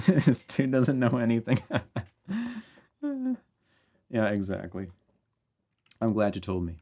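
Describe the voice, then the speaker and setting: Gravelly, deep-voiced male composer bantering with chat on a livestream. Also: slow pace, pauses often, a little mellow. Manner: laughs often and reads chat aloud. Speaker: composer streaming live.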